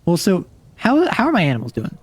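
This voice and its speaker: A man's voice: high voice, wildly swooping pitch, brisk, breathy edge. A man streaming a game, thinking aloud in a rambling, casual way. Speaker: vtuber streamer. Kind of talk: casual livestream commentary while playing.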